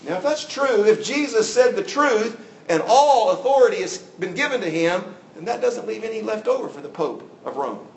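A man with a fairly high voice preaches an earnest evening sermon, swelling and dropping his emphasis and acting out the voices he quotes. He is picked up from some way off the mic, and the church around him rings with echo. Faint room noise sits underneath. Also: expressive, normal speed. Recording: echoey room, mic at a distance.

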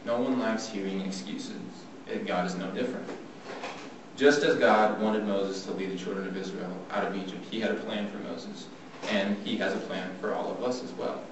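A man giving a devotional Bible talk, plain and earnest, slowing down when he reads scripture. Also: on the low side, fairly even intonation. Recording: echoey room from far off, faint noise.

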